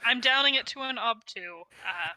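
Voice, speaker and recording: A woman running a tabletop role-playing game as game master, explaining rules and outcomes in a measured, wry way. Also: on the high side, lively intonation, pushed and bright, no echo, rough recording.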